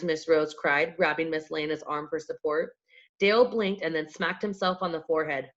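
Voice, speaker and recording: A woman reads a storybook aloud in a plain, steady way, her voice on the low side. The recording is dull and lo-fi. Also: normal speed. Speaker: audiobook reader. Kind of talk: storybook read-aloud narration.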